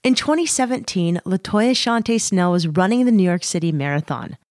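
A woman's voice: lowish voice, expressive, moderate pace, a little mellow, no room sound, studio quality. Upbeat woman hosting a podcast. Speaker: podcast host. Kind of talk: scripted podcast intro.

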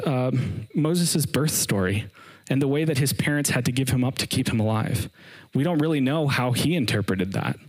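A man's voice: mid-range voice, poor audio. A man giving a casual, earnest sermon, retelling scripture with slang asides. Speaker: preacher.

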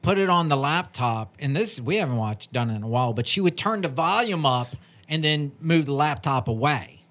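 A man with a light Virginia Southern twang co-hosts a casual podcast. He rambles and jokes in a slightly high voice. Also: animated, normal speed, fairly bright tone. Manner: rambling, self-conscious, joking. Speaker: podcast co-host.

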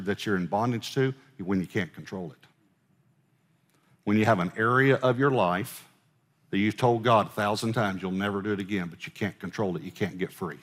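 Preaching pastor in a reverberant church. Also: male voice, on the low side, a bit bright. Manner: emphatic preaching, asks the congregation questions, slows on scripture. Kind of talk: sermon. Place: church auditorium. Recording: long hall reverb.

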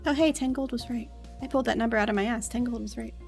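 A woman running a tabletop game as dungeon master, narrating in a relaxed, chatty way with fillers. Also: a little high, fast talker, vocal fry, faint music behind.

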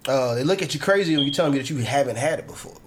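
A man trading casual podcast banter, his pitch swinging widely as he jokes, curses and laughs between words. Faint background noise sits under his voice. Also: racing. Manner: animated, swearing, laughs while talking. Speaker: guest.

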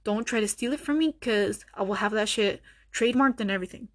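Speaking fairly fast in a mid-range voice, a young podcast host delivers a casual rant on her own show. She's blunt, profane and sarcastic throughout.

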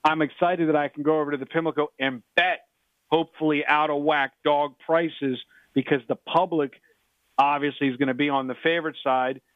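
A man's voice: a little high, fairly even intonation, a little fast, no echo. Middle-aged man rambling over a phone line. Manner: rambling, repeats himself, many restarts. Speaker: sports betting handicapper, radio guest. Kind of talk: sports radio chat.

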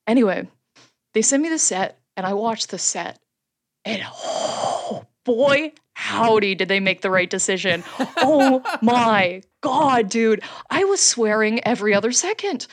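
A woman who co-hosts a podcast and does stand-up, telling a story in a loose, animated way, with frequent laughter and casual swearing. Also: medium pitch, normal speed. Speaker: podcast co-host and stand-up comedian.

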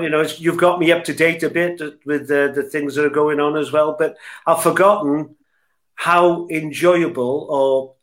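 A man's voice: on the high side, a bit bright. A man, a podcast guest who used to work in broadcasting, telling fond old stories and laughing easily. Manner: chuckling, fond storytelling. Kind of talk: casual chat.

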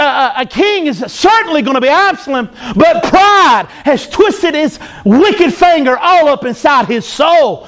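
A male pastor preaching a sermon, animated, acting out the voices of proud people. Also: very high voice.

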